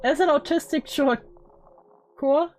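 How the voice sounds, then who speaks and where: A woman's voice: high-pitched, measured pace, darkish tone. A woman streaming casually, joking crudely and laughing often while reacting to a video. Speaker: VTuber streamer.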